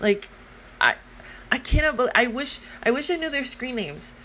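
A woman's voice: high-pitched, normal speed, a little hiss or hum. A woman in her late thirties hosting her own podcast, telling a story in a casual rant with lots of swearing and acted-out voices. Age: 30s. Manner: animated storytelling, acting out voices, swearing freely. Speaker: podcast host.

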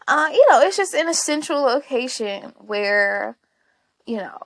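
A woman's voice: high voice, animated, unhurried, no room sound. A woman hosting a casual solo podcast, talking candidly and rambling, often laughing and swearing along the way. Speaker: podcast host.

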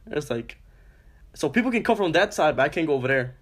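A man's voice: a little high, racing. Young man ranting profanely. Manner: profane, animated storytelling with lots of "I was like". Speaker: podcast co-host. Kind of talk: casual chat, storytelling.

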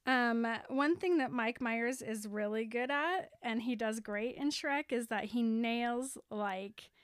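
Brief: young woman co-host, bright high voice, laughs a lot, dry close sound. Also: takes it slowly, clear, resonant tone, no echo. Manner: chatty, laughs often, frequent fillers. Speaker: podcast co-host. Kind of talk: casual chat.

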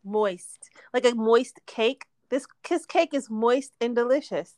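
A woman's voice: a little high, takes it slowly, a little mellow, no room sound. A woman co-hosting a casual chat podcast, laughing often and teasing her partner. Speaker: podcast co-host.

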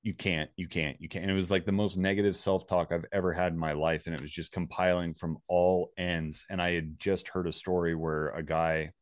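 A man's voice: deep voice, little pitch movement, a little fast, hardly any pauses, clear, resonant tone, no room sound, clean studio sound. A man casually telling a personal story, rambling and swearing freely.

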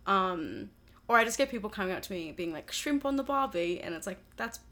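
Young Australian woman, bright and chatty, casual podcast guest. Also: fairly low pitch, animated, a little fast. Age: young adult. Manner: chatty, lots of fillers and laughs. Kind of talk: casual chat.

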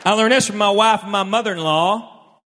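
A man with a high voice does a stand-up routine at normal speed, animatedly telling stories and impersonating his relatives. He performs live in a large hall, where the sound is reverberant with faint room noise and some chatter behind.

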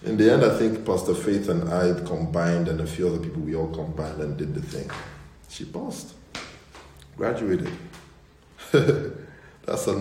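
Deep-voiced pastor telling animated stories. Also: male voice. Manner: animated storytelling with mimicked voices. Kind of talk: casual online livestream chat. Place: indoors at home. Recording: roomy echo.

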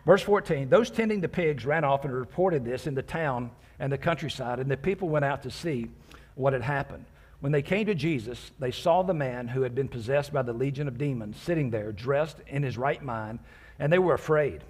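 A man preaches as pastor in a medium-pitched, darkish voice that is husky and slightly breathy, speaking at normal speed. He reads out scripture verse by verse, unpacks it casually, and adds playful asides for his congregation.

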